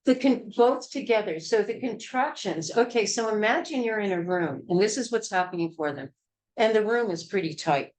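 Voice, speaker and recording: A woman's voice: mid-range voice, expressive, normal speed, a little mellow, poor audio. Blunt, emphatic woman teaching childbirth. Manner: blunt, emphatic and hard-hitting. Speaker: childbirth educator.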